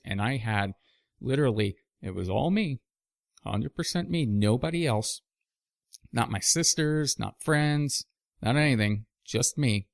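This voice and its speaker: A man's voice: medium pitch, expressive, unhurried, gravelly, no echo, studio quality. A man hosting a podcast, telling reflective stories with frequent asides in a casual monologue. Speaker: podcast host.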